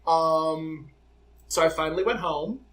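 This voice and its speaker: A young man with a notably high voice co-hosts a casual podcast. He tells stories with flair, slipping into the voices of family members and then back to his own. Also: measured pace. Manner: animated, dramatic storytelling with quoted dialogue. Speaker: podcast co-host. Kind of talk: casual chat.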